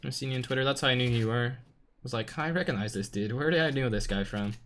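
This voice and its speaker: Excitable young Northern Irish gamer guy. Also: medium pitch, quick pace, slight background noise. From Northern Ireland. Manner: excitable, slangy, swings between loud outbursts and muttering. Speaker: game streamer. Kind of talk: live gameplay commentary with chat shout-outs.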